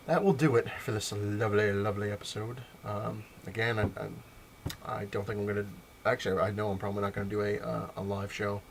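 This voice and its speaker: A man's voice: on the low side, steady tone, fast, vocal fry, slight background noise. A man hosting a casual vlog, rambling through a funny story and laughing at his own jokes. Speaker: vlog host.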